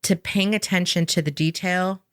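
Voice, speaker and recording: A woman's voice: fairly low pitch, steady tone, moderate pace, no room sound, studio quality. A woman, a sales trainer with an improv background, explaining with energy and emphasis, often tagging a questioning "right?" onto her points. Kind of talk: conversational podcast explanation.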